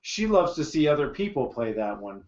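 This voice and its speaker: A man with a lively, bouncing voice tosses in dry, amused remarks as a podcast guest. He sounds roomy and echoey, and the recording is dull and lo-fi. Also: mid-range voice, moderate pace. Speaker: guest, brother of co-host. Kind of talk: casual chat.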